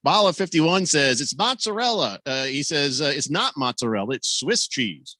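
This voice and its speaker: Talk radio host, male, higher voice, bouncy delivery, casual banter, dry studio sound. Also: big pitch swings, moderate pace, pushed and bright, dry recording. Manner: chatty, reads listener comments aloud. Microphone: studio microphone.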